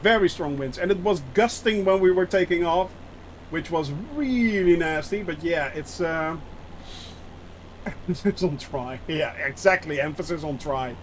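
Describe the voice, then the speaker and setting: High-voiced man streaming a flight game. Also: a little slow, a little hiss or hum. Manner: chatty, lots of fillers, reads chat aloud; nervous about landing. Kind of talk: live gameplay commentary.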